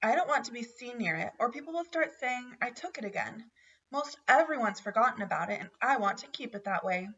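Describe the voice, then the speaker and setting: A careful, doubting young boy in a storybook, skeptical and wondering, in a bright, slightly raised voice, as a woman reads his lines. The recording sounds dull and somewhat far off. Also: a little high, lively intonation, a little fast, slightly rough, heavily acted. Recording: dull, distant home recording.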